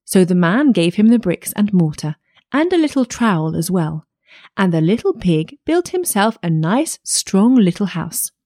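Woman reading a fairy tale with lively melody. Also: medium pitch, normal speed, no echo, clean studio sound. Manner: lively, expressive storytelling. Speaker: storyteller.

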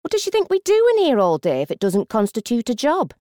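A woman's voice: fairly high pitch, huge pitch swings, fairly quick, warm tone, no echo, studio quality, pitched above the performer's own voice. A woman voicing a blunt, humorous coworker in her forties who speaks huffily and scornfully. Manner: huffy, scornful.

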